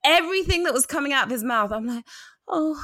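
A woman co-hosting a podcast in a casual, gossipy chat, animated and laughing often. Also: high voice, racing, slight background noise. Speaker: podcast co-host.

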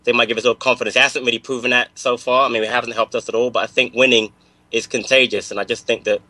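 A man's voice: mid-range voice, level tone, fast, pushed and bright, no echo. A man, co-hosting a podcast in casual chat, talking earnestly about football. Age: 50s. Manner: earnest, talks football plainly. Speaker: podcast co-host.

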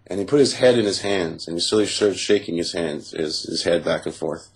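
A man recounting a frightening personal experience in a halting, detailed monologue, with many pauses and restarts. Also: low-pitched, vocal fry. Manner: halting, with frequent fillers and restarts, vivid step-by-step detail. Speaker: person telling his own story.

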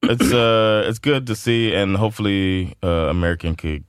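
A man with a lowish voice talks loosely in a casual podcast chat, rambling and quick to laugh or swear. The sound is dry and close, with no room around it. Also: clean tone, no room sound. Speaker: podcast co-host.

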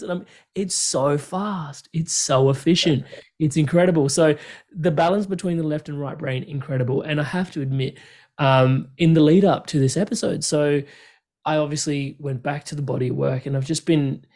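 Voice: medium pitch, moderate pace, darkish tone. A podcast host chatting in an enthusiastic, rambling way and laughing often. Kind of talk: casual chat.

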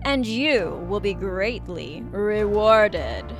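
A woman voicing a giant magical golden fish, speaking slowly and grandly in a loud, booming voice, in a storybook reading. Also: lively intonation, music in the background.

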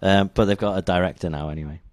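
A man's voice: low voice, fast talker, a little mellow, no room sound. A man hosting a casual podcast, laid-back and hesitant with many ums. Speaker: podcast host. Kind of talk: casual chat.

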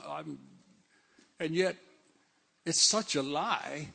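A man's voice: fairly high pitch, slow pace, gravelly, long pauses, pushed and bright. A man preaching a sermon in a conversational, emphatic way, with frequent asides.

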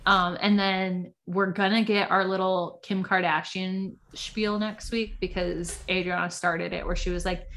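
A young woman with a slightly low voice chatting as a podcast co-host. She is talkative and laughs easily. She often slips into quoted voices while she recaps episodes. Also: level tone, unhurried, hardly any pauses, fairly bright tone, a little hiss or hum. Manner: chatty, laughing, quoting people in mock voices. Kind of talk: casual chat recapping reality TV.

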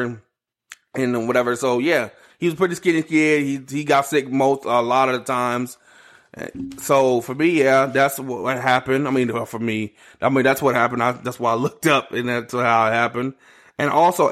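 A man's voice: medium pitch, fairly bright tone. A young man hosting a casual solo podcast, rambling through a history story with many restarts and side notes. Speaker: podcast host.

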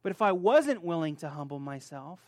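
A middle-aged man preaching a sermon, swinging between soft asides and loud, high outbursts. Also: moderate pace, dry recording, studio quality. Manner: animated, rises loud and high when acting out stories. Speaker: pastor.

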